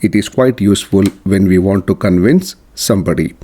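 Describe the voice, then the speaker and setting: A man teaching a scripted grammar lesson, reading example sentences one at a time in a slow, measured way. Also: deep voice, mellow. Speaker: English teacher.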